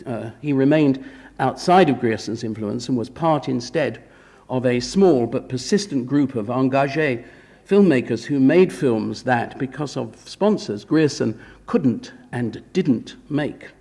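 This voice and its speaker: A man's voice: medium pitch, expressive, unhurried, vocal fry, warm tone. A man giving an academic lecture at a film conference, with wry, ironic asides. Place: conference hall. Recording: long hall reverb.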